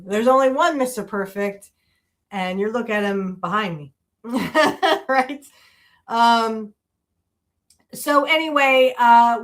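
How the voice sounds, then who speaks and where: A woman's voice: a little high, fairly bright tone. A woman hosting a podcast, chatting casually with many fillers and restarts. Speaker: podcast host. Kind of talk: casual chat. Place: indoor room with wrestling display behind her.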